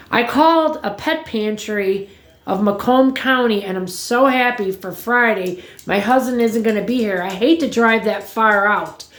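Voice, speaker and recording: Rambling, blunt woman chatting in a roomy space. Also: on the high side. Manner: rambling, blunt, swears freely. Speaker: vlogger. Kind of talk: casual chat to viewers. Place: at home. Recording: roomy echo.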